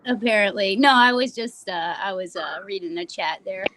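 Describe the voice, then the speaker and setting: A woman co-hosting a casual live-stream panel, chatty and halting, with lots of fillers. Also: medium pitch, a bit bright, a little hiss or hum. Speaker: panel co-host.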